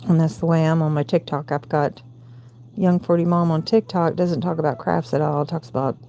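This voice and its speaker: A woman in her forties with a gravelly voice and a Southern US accent, hosting a late-night crochet livestream from home and counting stitches aloud between chatty asides. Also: low-pitched, fairly even intonation, normal speed, dark tone. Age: 40s. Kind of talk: casual crochet tutorial chat.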